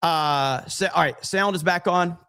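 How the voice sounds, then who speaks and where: A man's voice: a little high, a little slow, sharp tone, a little hiss or hum. A man hosting a casual livestream, rambling sarcastically and reading out chat messages. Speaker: livestream host.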